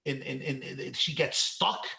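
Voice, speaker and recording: A man's voice: medium pitch, unhurried, creaky, bright, forceful tone, echoey room. A man from New York, a rabbi, telling a story in a lecture with rhetorical questions and chuckles at his own jokes.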